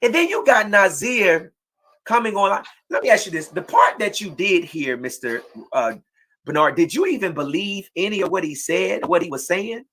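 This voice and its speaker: A woman hosting an impassioned livestream talk show, preaching and often shouting in outrage. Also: medium pitch, big pitch swings, normal speed. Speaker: host.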